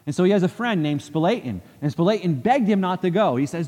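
A man's voice: a little high, animated, fast, few pauses, a little mellow, in a large hall. A man preaching a sermon from a church pulpit, earnest, repeating phrases for emphasis and acting out quoted speech. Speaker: pastor. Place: church sanctuary.

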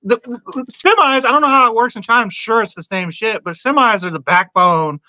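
A man's voice: very high-pitched, fairly quick, pushed and bright, dry recording, lo-fi sound. A male podcast guest chatting loosely, full of fillers and laughs, swearing freely. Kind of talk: casual podcast banter.

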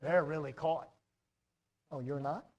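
A man's voice: a little high, a little slow, muffled recording. Emphatic American man preaching. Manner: emphatic, repeats words when stressing a point, swings between loud and quiet. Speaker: pastor. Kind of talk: sermon.

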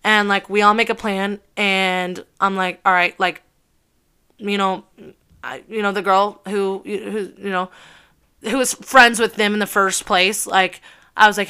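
A woman in her early twenties telling a personal story in a casual, animated way, full of swearing and filler words. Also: mid-range voice, unhurried, smooth. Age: early 20s.

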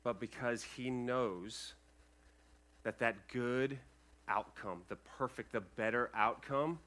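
Bright-voiced man preaching a sermon. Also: slow. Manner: earnest, swings from loud emphatic peaks to quiet lowered asides; addresses the congregation with checking questions. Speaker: pastor. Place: church sanctuary, speaking over a sound system.

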